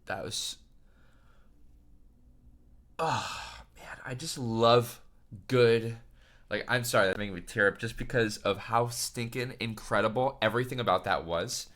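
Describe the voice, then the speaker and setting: A man who writes musicals talking casually and excitedly through a reaction to a stage show, gushing and rambling. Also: medium pitch, a little slow, long pauses.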